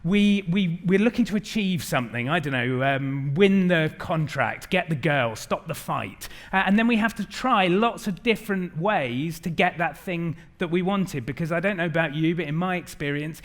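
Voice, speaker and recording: A middle-aged man giving an animated keynote talk to a live audience, acting out the quotes in his stories. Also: on the high side. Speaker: conference speaker.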